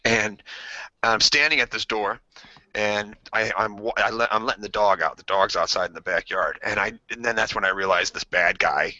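Bright-voiced man telling wild stories. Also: lowish voice, normal speed, no room sound. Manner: animated, acts out screams and voices in his stories; swears freely, restarts sentences. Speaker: podcast co-host. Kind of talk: casual storytelling among friends. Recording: dry, dull lo-fi podcast audio.

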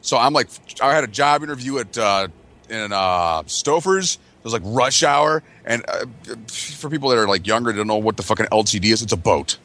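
A man's voice: lowish voice, lively intonation, normal speed, bright, forceful tone. A man from the US Midwest telling a crude, exaggerated story for laughs among friends. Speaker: podcast regular.

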